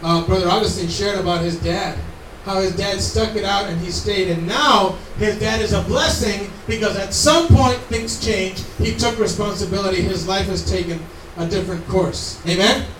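A man's voice: sits high, moderate pace, a bit bright, a little hiss or hum. A man preaching a sermon in an earnest, conversational way with asides to the congregation. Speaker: pastor. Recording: echoey room, mic from far off.

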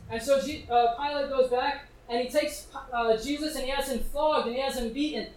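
High-voiced male preacher in an echoey room. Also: steady tone, fairly quick, a little mellow. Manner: conversational, asks listeners direct questions. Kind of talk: sermon reading and explaining scripture. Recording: echoey room, distant mic.

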